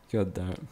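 A man's voice: mellow, slight background noise. A man from the UK, streaming a game live and trading teasing, sweary banter with his chat. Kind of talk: casual live-stream commentary.

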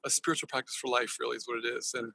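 A man's voice: mid-range voice, steady tone, rapid-fire, gravelly, sharp tone, slight background noise. A man talking passionately in a casual podcast interview, rambling and swearing freely. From Northern California. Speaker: podcast guest, company founder.

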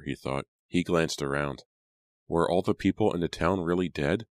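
A man narrating a horror audiobook in a measured storytelling manner. His voice is extremely deep, and the recording is dry and close with no room sound. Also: no room sound. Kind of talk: scripted narration.

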